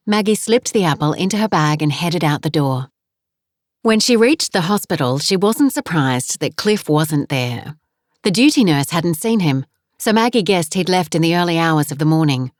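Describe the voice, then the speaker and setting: A woman narrating a romance audiobook in a calm, measured reading. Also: low voice, dry recording. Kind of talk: scripted narration. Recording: dry close studio voice.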